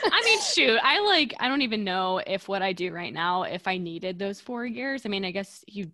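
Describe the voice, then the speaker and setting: A woman's voice: mid-range voice, big pitch swings, unhurried, sharp tone, dry recording, clean studio sound. A young woman hosting a casual interview, reacting with laughs and exclamations and asking easy questions. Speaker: host, interviewer.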